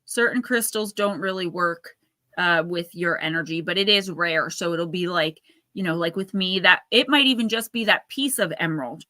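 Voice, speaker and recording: A woman's voice: on the low side, normal speed, pushed and bright, no echo. A woman in her thirties hosting a casual livestream, rambling and chatty as she reads out viewer comments. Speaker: livestream host.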